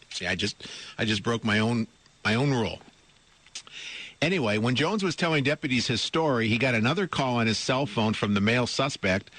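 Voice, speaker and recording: A middle-aged male radio host in a studio, talking at an ordinary pitch for a man. He reads the news with amused disbelief and throws rhetorical questions at his audience. The mic sound is close and dry, with no room echo. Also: a bit bright. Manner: amused and incredulous, breaks into laughter while reading; rhetorical questions to listeners, repeats words. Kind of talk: radio talk show, reading a news story with comment. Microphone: studio microphone.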